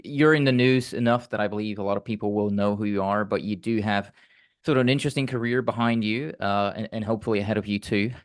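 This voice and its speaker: A man's voice: lowish voice, no echo, clean studio sound. A man hosting an interview, chatting casually in a rambling way before bringing in his guest. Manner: rambling, with fillers and restarts. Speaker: interview host.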